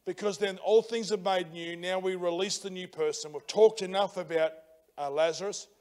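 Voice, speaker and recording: High-voiced Australian pastor preaching. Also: male voice, moderate pace. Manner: energetic, colloquial and punchy, shifting from shouting to hushed prayer. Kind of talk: sermon. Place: church.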